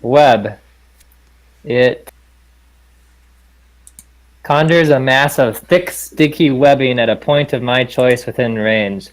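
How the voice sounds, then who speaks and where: A man's voice: medium pitch, rough recording. Hesitant male player reading rules. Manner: hesitant, reads rules aloud haltingly. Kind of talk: casual tabletop play.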